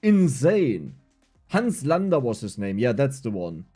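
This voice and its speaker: A young German man, speaking with a German accent in a slightly rough, medium-pitched voice at a measured pace, chats casually on his livestream while gaming. He rambles animatedly with frequent restarts as faint game music plays behind him.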